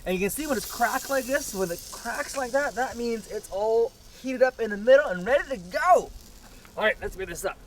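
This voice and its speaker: A high-pitched man hosting a cooking show on the grill outdoors. He chats through the recipe in a loose, hammy way and bursts into excited exclamations. Faint background noise sits under his voice. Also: moderate pace. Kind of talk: upbeat cooking demo chat.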